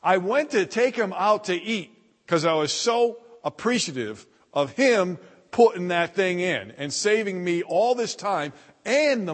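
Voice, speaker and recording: A middle-aged man preaching a sermon as pastor, telling a personal story with frequent restarts and fillers. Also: on the high side. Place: church sanctuary. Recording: long hall reverb.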